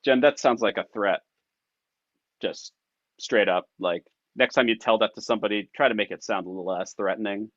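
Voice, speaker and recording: A man's voice: on the low side, normal speed, no room sound, lo-fi sound. A man improvising a comedy scene, incredulous and teasing, blunt and profane. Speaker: improv performer.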